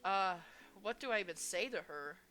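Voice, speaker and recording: A woman's voice: mid-range voice, animated, normal speed, sharp tone. A woman reading a fretful, self-blaming protagonist. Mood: worried. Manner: fretful inner monologue. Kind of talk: voicing a visual novel aloud.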